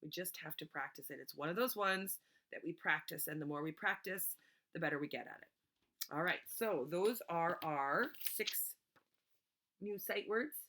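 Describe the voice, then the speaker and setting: A woman teacher giving a remote reading lesson to young children, patiently sounding words out slowly letter by letter. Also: on the low side, bright, forceful tone.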